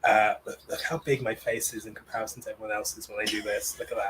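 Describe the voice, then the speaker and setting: A man's voice: on the low side, little pitch movement, quick pace, a loud crowd, rough recording. A man hosting an online improv show, chatting casually and joking about his camera. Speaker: improv host. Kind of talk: casual livestream chat.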